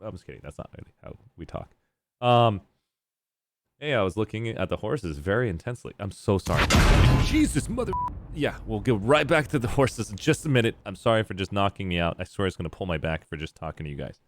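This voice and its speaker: A man's voice: on the low side, fast, noisy background. A male game streamer chatting casually, reading out chat messages and rambling in response.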